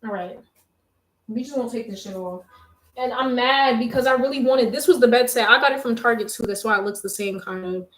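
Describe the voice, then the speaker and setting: A woman's voice: fairly high pitch, brisk, a bit bright. A young woman livestreaming from her bedroom, chatting candidly with viewers in slangy talk while out of breath from making her bed. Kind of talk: casual livestream chat. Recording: echoey room with faint noise.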